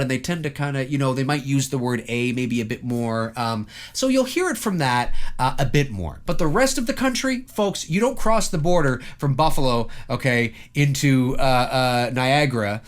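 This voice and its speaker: A man from Toronto, Canada rants to camera as a vlogger, calling his viewers "folks." He gets worked up and his pitch leaps around, talking at normal speed with hardly any pauses and filling gaps with lots of ums and you-knows.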